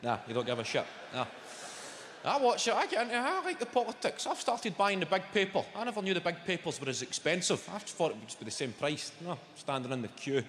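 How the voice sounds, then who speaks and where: A Glaswegian stand-up comedian from Scotland, a man in his thirties, does a sweary, conversational set with crowd work on a large theatre stage before an audience. His voice is high-pitched, sing-song and fast, with a little hiss or hum. The recording is from an echoey live hall with a loud audience.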